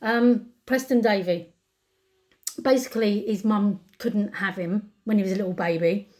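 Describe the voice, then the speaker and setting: A woman's voice: medium pitch, steady tone, normal speed, a little mellow. A woman with a British accent, talking to camera in an upset, angry rant, often repeating words. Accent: British English. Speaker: vlogger. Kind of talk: emotional commentary to camera.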